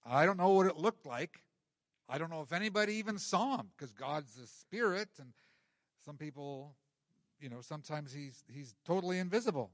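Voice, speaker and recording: Man, middle-aged pastor, sermon, animated delivery, fairly high voice, dry sound. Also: normal speed, no echo. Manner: animated, acts out the scripture scenes.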